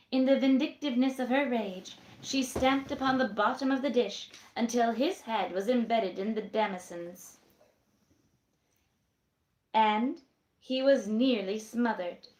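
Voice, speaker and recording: A woman reading a classic novel aloud in a measured way, in a roomy space. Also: fairly high pitch, a little mellow. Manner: measured reading with acted voices. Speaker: storyteller. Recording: roomy echo.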